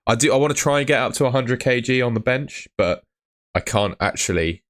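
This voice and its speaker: A man's voice: mid-range voice, animated, brisk, fairly bright tone. A man chatting casually on a live fantasy football stream, rambling and answering viewers by name, tired after a long day. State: tired, yawning.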